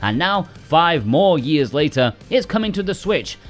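A man's voice: on the high side, very animated, a little slow, faint music behind. A man hosting a game release roundup in casual scripted commentary, full of sarcastic joking asides. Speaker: game release news host.

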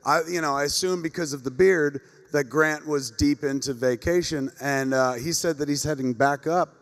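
A man's voice: a little high, normal speed. Middle-aged man telling profane stories in an echoey hall. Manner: animated, profane, rambling anecdotes. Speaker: panel moderator. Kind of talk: comedic storytelling to a live audience. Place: comic convention panel stage. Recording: echoey convention hall with long reverb.

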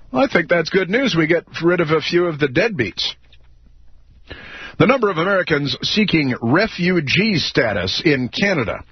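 Sarcastic husky talk radio host. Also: male voice, a little high, no echo. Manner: sarcastic, mocking, combative. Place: radio studio. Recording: dry, slightly dull studio audio.

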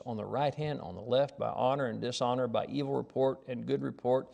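Middle-aged man, pastor, gravelly voice, folksy sermon, quiet asides, emphatic peaks. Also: mid-range voice, fairly even intonation, normal speed, few pauses. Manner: folksy storytelling preaching that swings from quiet asides to raised emphatic lines.

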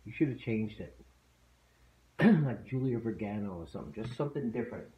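A man's voice: on the low side, lively intonation, fairly quick, dark tone. A man talking casually at home as a father, asking puzzled questions. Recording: distant, dull lo-fi sound.

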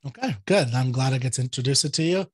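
A man's voice: mid-range voice, expressive, quick pace, a little mellow, breathy edge, no echo. A man hosting a casual discussion, talking loosely with lots of fillers and restarts. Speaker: host presenting a poem. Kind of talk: casual chat.

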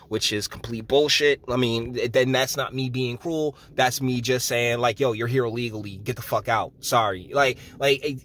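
A man's voice: medium pitch, a bit bright, dry recording. Profane, rambling man ranting over headlines. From New Jersey. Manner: profane, rambling, sarcastic asides. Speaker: political commentary vlogger. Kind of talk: casual rant reacting to news headlines.

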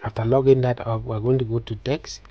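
Husky-voiced man giving a design tutorial. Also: mid-range voice, fairly quick, dry recording, muffled recording. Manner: calm step-by-step instructions with frequent fillers. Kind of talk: screen-recorded software tutorial.

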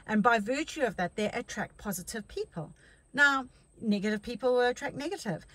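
A woman's voice: a little high, fairly bright tone, rough recording. A middle-aged woman life coach giving a chatty motivational talk, telling stories with many restarts.

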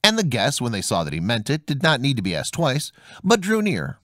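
A man narrating a fairy tale audiobook in an expressive storytelling manner. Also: medium pitch, brisk, no room sound, studio quality. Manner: expressive storytelling, voicing each character.

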